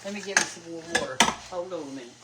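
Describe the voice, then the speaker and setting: A woman's voice: lowish voice, very fast, heavy background noise. An older woman with a Southern US accent, chatting folksily while cooking in her kitchen as host of a cooking show. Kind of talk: casual cooking chat. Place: home kitchen.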